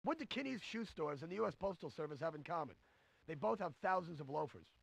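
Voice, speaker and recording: Cheesy game stand-up comic: high, bouncy, gravelly, rapid-fire hammy delivery, dry close mic. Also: male voice, lively intonation, no echo, full character voice. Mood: joke-telling. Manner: brash, hammy joke delivery. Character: cheesy stand-up comedian man, brash and corny. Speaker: game's recorded comedian. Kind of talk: 1990s CD-ROM stand-up comedy routine.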